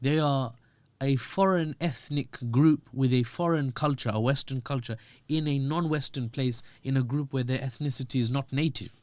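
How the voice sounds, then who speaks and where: Animated man, dry close sound. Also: mid-range voice, normal speed, no room sound. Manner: animated, joking, acts out quoted voices. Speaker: podcast guest. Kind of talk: conversational political commentary.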